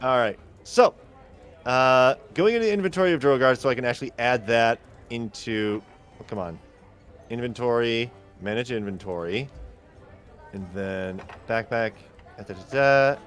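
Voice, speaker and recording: A man running a tabletop game as game master, narrating casually and thinking aloud. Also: mid-range voice.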